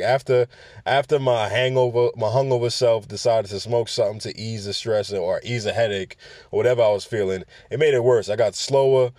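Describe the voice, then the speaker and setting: A man's voice: medium pitch, darkish tone, no echo. Male podcast host, mid-range voice, loose and profane, rambling with frequent stutters, dry close recording. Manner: addresses listeners directly with questions. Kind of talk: casual cannabis business podcast.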